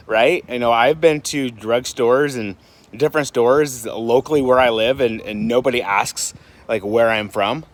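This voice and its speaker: A man from Michigan talks straight to his viewers in a loose vlog style. He circles his point with fillers, restarts and rhetorical questions, his pitch sitting in the middle of the range. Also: unhurried. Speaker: vlogger. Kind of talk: casual vlog talk. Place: home in Puerto Rico.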